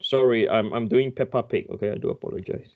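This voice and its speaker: A man's voice: fairly low pitch, fast talker, gravelly, phone-quality sound. A man lecturing an engineering class online. He thinks aloud, apologizes often and restarts his sentences.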